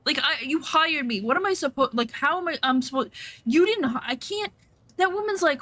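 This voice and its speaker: A woman's voice: high-pitched, normal speed. A woman streamer chats casually over her gameplay. She is blunt and swears freely, and she acts out the voices of the people in her story. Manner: animated storytelling, acts out quotes.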